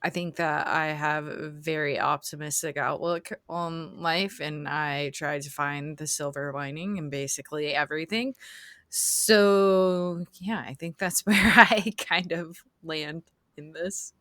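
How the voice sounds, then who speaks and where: A young adult woman on a casual podcast, soft-spoken and laid-back, trailing off. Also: low voice, steady tone, a little slow, dry recording, studio quality.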